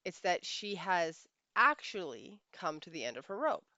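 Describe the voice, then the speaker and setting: Female life coach, emphatic storyteller, slightly low voice, muffled sound. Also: sing-song, unhurried, pushed and bright, no room sound. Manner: emphatic, repeats phrases for weight. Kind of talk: storytelling monologue.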